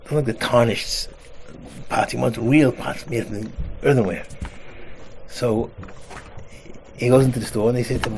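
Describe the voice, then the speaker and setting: Gravelly rabbi telling a parable. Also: male voice, mid-range voice, normal speed. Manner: animated storyteller, acts out voices. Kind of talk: storytelling talk with a parable. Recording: noisy recording.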